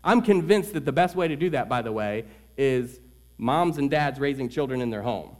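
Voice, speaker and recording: A man preaching a sermon to his church, earnest, swinging between loud emphasis and quiet asides. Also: mid-range voice, lively intonation, moderate pace. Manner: tells a joke story in the middle. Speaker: pastor.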